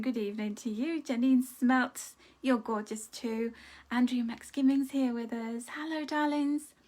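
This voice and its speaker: Chatty woman greeting livestream viewers. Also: on the high side. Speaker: card reader hosting a livestream. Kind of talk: casual live-stream chat. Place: home room.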